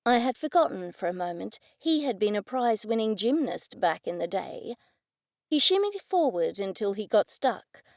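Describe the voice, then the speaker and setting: A woman narrating a first-person mystery audiobook in a clear, even storytelling delivery. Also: medium pitch, normal speed, dry recording, clean studio sound.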